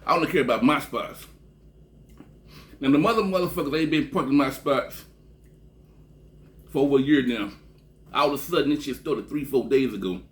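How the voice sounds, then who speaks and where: A man from Texas telling a long, rambling story in a casual, profane way, often trailing off with a low "man" at the end of a phrase. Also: moderate pace, long pauses. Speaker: vlogger.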